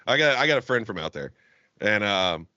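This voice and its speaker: A man's voice: on the low side, moderate pace, no echo, muffled recording. A man co-hosting a casual comedy podcast, telling rambling, profane stories and acting out the people in them. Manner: profane, rambling storyteller with animated quoted voices. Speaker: podcast co-host. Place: Jacksonville, Florida.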